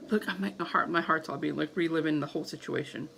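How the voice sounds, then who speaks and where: A woman's voice: sits low, creaky, noisy background. A woman in her thirties telling a story casually to camera as a vlogger, acting out her own panicked reactions.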